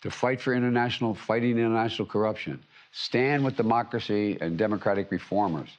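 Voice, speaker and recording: Older man, low voice, formal speech with stumbles and repeated stress words, slightly muffled audio. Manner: halting restarts, emphatic repetition. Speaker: head of state giving a speech.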